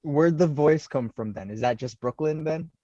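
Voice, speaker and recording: A man from Toronto hosting a casual podcast interview, relaxed and jokey, recorded on a dull, dry lo-fi mic. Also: a little high, moderate pace, dry recording. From Toronto, Canada. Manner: relaxed, jokey, affirming with "mm-hmm". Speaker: podcast host.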